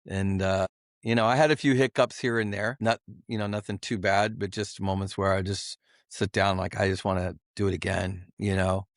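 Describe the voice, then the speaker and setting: A middle-aged man giving a candid personal testimony as a podcast guest, earnest and confessional, halting with many fillers and restarts. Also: on the low side, dry recording, clean studio sound. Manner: halting, full of "you know" fillers and restarts.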